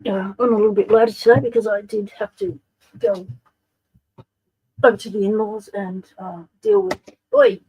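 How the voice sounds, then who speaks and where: A woman's voice: medium pitch, lively intonation, moderate pace, long pauses, a little mellow, slightly rough, highs cut off. A woman with an Australian accent hosting a casual livestream, chatting and greeting viewers by name. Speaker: livestream host.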